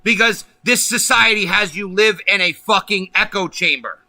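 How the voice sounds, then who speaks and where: A man's voice: sits high, moderate pace, bright, forceful tone, no room sound. Angry, profane man ranting. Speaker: livestream host. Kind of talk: ranting political livestream.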